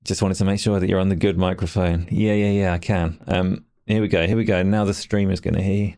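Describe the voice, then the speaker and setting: A man's voice: deep voice, level tone, brisk, gravelly, warm tone. A man hosting a casual live stream, chatty and rambling, shivering from the cold. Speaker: stream host.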